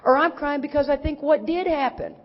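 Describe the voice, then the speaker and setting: A middle-aged woman from Texas giving an animated, folksy recovery talk to a crowd, teasing her listeners. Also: high voice, a little fast. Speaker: recovery speaker. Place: large conference hall. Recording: dull recording with long hall reverb.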